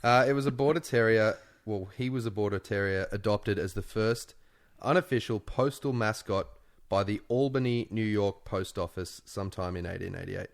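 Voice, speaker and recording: A man co-hosts a podcast in easy, joking chat. His voice sits a little low, and he breaks into laughter often. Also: moderate pace, gravelly. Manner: jokey, laughs often, drops into silly voices. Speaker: podcast co-host. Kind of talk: casual chat.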